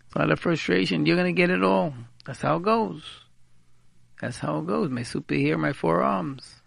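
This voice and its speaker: Male radio advice speaker, very gravelly, repeats words for emphasis, peppers in Hebrew and Yiddish, dry close sound. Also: a little high, normal speed, no echo. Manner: mixes in Hebrew and Yiddish terms. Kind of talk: informal advice talk.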